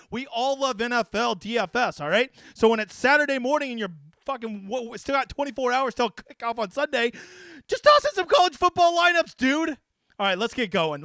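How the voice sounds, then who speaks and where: A man hosting a casual fantasy sports picks breakdown, brash, profane and excitable as he talks to the viewer. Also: extremely high pitch, no echo, clean studio sound. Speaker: daily fantasy sports analyst and host.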